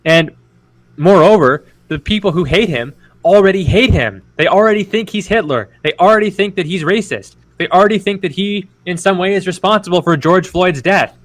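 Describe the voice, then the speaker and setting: A man's voice: high-pitched, normal speed. A man co-hosting a podcast in casual political chat, rambling and profane with many restarts. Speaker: podcast co-host.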